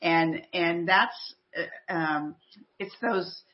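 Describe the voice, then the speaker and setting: A woman's voice: lowish voice, very slow. A woman co-hosting a faith talk show, speaking earnestly and with animation, often repeating words as she builds her point. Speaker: podcast co-host. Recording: slightly muffled audio.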